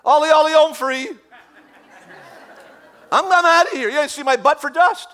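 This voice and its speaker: A man voicing a cheeky, defiant young boy, loud, high and jokey. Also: moderate pace. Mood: defiant joking.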